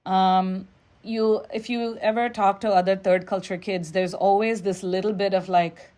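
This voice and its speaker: Nigeria-raised woman musician, guest on an interview, mid pitch, thoughtful, storytelling. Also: steady tone, a little mellow. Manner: reflective, storytelling, quoting others in quick asides. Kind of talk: interview conversation.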